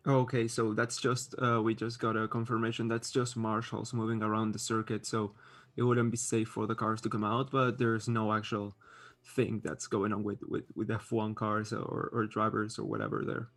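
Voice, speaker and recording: A man's voice: on the low side, little pitch movement, normal speed, fairly bright tone, faint music behind. A man hosting a live stream, reading chat aloud and chatting casually; English is not his first language, and he talks with many fillers and restarts. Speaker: livestream host reading chat.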